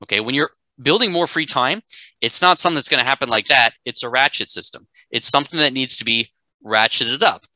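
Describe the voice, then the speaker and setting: A man's voice: mid-range voice, fairly quick, pushed and bright, no echo, rough recording. A man teaching a live class, emphatic and conversational, often checking in with "right?". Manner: emphatic, keeps asking "right?". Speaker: instructor.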